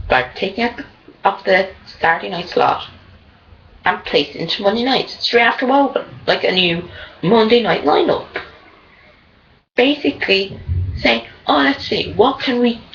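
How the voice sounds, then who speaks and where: Woman, opinionated casual rant, digressive, mid pitch, muffled lo-fi sound. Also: normal speed, vocal fry, pauses often. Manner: ranting, animated, digressive. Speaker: fan commentator. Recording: dull lo-fi recording.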